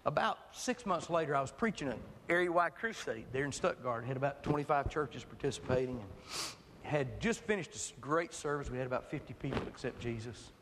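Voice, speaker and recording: A man preaching a sermon, shifting from impassioned shouts to soft, quiet storytelling. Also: mid-range voice, animated, a little fast. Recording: reverberant hall, faint noise.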